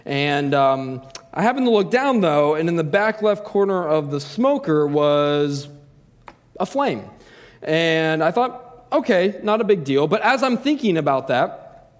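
Man in his thirties, higher-pitched, self-deprecating storyteller, long hall reverb. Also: very animated, a little slow. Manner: self-deprecating, lots of fillers and restarts. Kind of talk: personal anecdote, casual storytelling.

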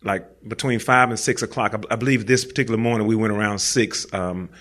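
A man's voice: on the low side, fairly even intonation, brisk, fairly bright tone. A man telling a true personal story to a live audience, in a casual, slangy, conversational way that speaks straight to the listeners.

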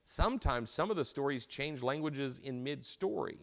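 A man's voice: mid-range voice, animated, moderate pace, creaky. A man teaching an informal lecture as a Bible teacher, retelling a story in a conversational way and often repeating and restarting his words.

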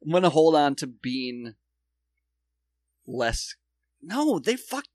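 A man's voice: a little high, big pitch swings, takes it slowly, darkish tone, no room sound. Wry, sarcastic man on a podcast. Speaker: podcast co-host. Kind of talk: casual chat.

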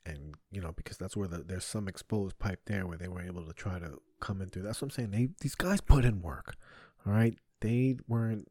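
Deep, dark-voiced man ranting profanely. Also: fairly quick, dry recording, studio quality. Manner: profane, rambling storytelling with crude jokes. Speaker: podcast host. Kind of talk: casual comedic monologue. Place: home basement studio.

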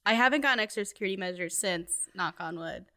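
A woman's voice: medium pitch, quick pace, sharp tone. A young woman chatting casually and telling a long personal anecdote. She talks in a loose, rambling way with lots of fillers. She keeps breaking into laughing asides. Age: young adult. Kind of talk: casual chat.

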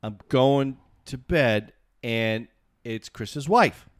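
A man, co-hosting a show and telling a funny story in casual chat, acting out other people's lines in shrieking falsetto. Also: extremely slow, no echo. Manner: animated, acts out quotes with shrieking falsetto voices. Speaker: show co-host.

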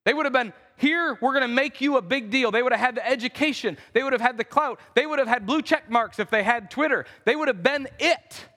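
High-voiced man preaching in a reverberant church. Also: fast talker, hardly any pauses, pushed and bright. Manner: conversational, acts out quotes in voices. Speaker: pastor. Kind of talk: sermon. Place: church sanctuary.

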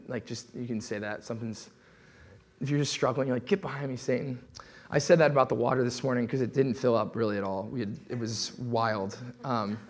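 A young man giving a sermon from the pulpit with an easy, chatty delivery. His voice sits at an ordinary middle pitch, and he keeps slipping into quick acted-out asides before returning to the text. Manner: casual conversational preaching, lively with asides. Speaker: pastor.

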